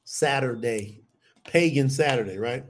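A man's voice: medium pitch, unhurried. A middle-aged man preaching a sermon, talking animatedly and calling out to his listeners as y'all. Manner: animated, addresses the audience as y'all.

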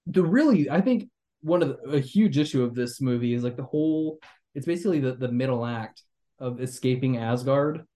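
His voice here is mid-range, expressive and dark-toned, delivered briskly as he rambles through a critical, casual movie review on his podcast, full of fillers and restarts.

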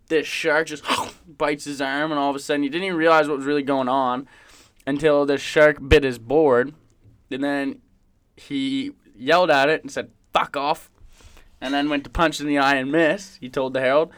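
A man's voice: on the high side, flat delivery, moderate pace, fairly bright tone, clean tone. A young man co-hosting a podcast, telling sports stories in a joking, profane way and laughing often. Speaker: podcast co-host. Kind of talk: casual sports banter.

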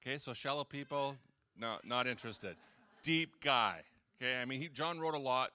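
Speaking fast in a smooth, bright, forceful voice of medium pitch, a pastor gives a chatty sermon in a church hall. He jokes around, talks directly with the audience, and acts out the quotes he uses.

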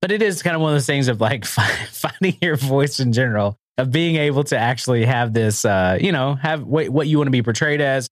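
A man's voice: medium pitch, fairly quick, hardly any pauses, dry recording, studio quality. A man co-hosting a podcast, talking conversationally with fillers and restarts. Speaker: podcast co-host. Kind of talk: casual podcast chat.

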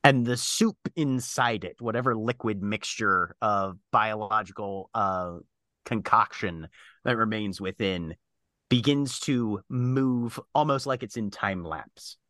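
A man narrating a tabletop role-playing game as game master, describing scenes in a halting way with frequent fillers. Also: fairly low pitch, fairly bright tone, no echo.

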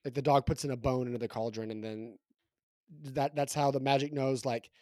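A man co-hosting a podcast, rambling and halting through his thoughts about a picture book with lots of restarts. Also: medium pitch, fairly even intonation, a little mellow, dry recording, clean studio sound. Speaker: podcast co-host.

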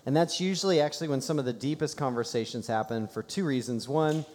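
A man's voice: medium pitch, fast, darkish tone, in a large hall. A man preaching a sermon in a church, telling a personal story in a conversational way. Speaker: pastor. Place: church sanctuary.

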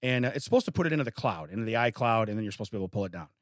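A man's voice: on the low side, lively intonation, rapid-fire, dry recording, clean studio sound. A man co-hosting a casual podcast, telling a long complaint story and acting out his phone calls. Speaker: podcast co-host. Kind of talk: casual chat.

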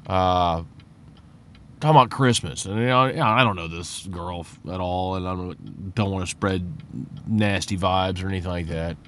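A man's voice: normal speed, a bit bright. A man giving a blunt, profane, rambling monologue while driving his car. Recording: car road noise behind. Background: road rumble.

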